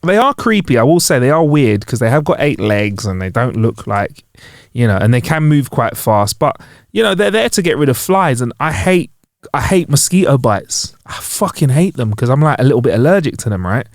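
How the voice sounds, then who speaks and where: A man's voice: mid-range voice, very animated, moderate pace, no echo, clean studio sound. A man co-hosting a podcast, joking and swearing in casual banter. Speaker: podcast co-host. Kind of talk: casual chat.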